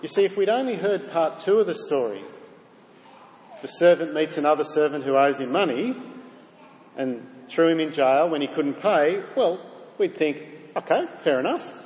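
Speaking at a moderate pace in a darkish tone that sits on the high side, this preacher delivers his sermon earnestly, posing rhetorical questions straight to his audience. Faint ambience fills the reverberant hall where he was recorded.

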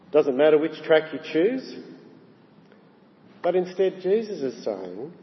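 A man preaching a sermon, emphatic, rising on key phrases and slowing down for weight. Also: a little high. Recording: dull sound with long hall reverb.

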